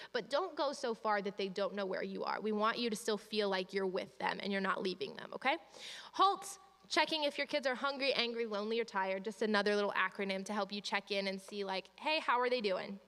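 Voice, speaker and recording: Bright-voiced woman teaching parents in a hall. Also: medium pitch, clean tone. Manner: practical, reassuring, acts out parent-child exchanges. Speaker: parenting trainer. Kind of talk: training talk to parents. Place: church hall. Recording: long hall reverb.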